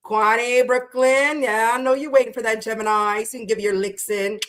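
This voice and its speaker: A woman's voice: a little high, steady tone, moderate pace. A woman hosting a live tarot reading, chatting casually with viewers, greeting them by name and swearing freely. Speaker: tarot reader livestream host. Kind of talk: casual livestream chat.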